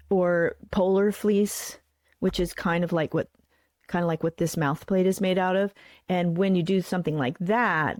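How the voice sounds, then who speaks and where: Woman, low-ish voice, casual craft-stream host, rambling and thinking aloud, dry sound. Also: a little mellow, no echo. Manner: chatty, thinking aloud, trailing into murmurs. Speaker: puppet builder and show host. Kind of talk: craft livestream demonstration.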